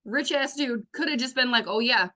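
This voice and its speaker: A woman's voice: sits high, brisk, bright, forceful tone. A woman team leader giving a chatty recap to her team, full of fillers, acting out what others said. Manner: chatty, lots of fillers, acts out quotes. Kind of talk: casual recap talk to team.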